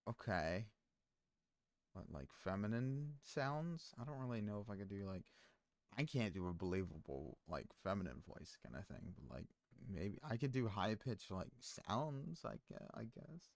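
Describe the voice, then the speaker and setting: A man's voice: fairly low pitch, lively intonation, a little slow, dry recording. A man streaming, chatting casually with his viewers in a rambling way full of fillers and restarts. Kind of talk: casual stream chat, reading chat aloud.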